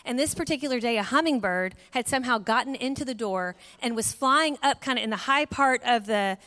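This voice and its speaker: A middle-aged woman giving a sermon, telling a family story in a lively way and acting out voices. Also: on the high side, brisk. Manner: animated storyteller, acts out voices. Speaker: guest speaker. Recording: long hall reverb.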